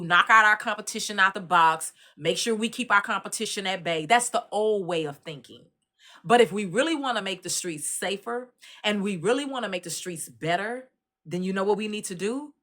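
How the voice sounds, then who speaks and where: Texas woman host, bright voice, lively colloquial storytelling, commentary. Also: mid-range voice. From Dallas, Texas. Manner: animated storytelling, Southern colloquial speech. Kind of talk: casual spoken commentary.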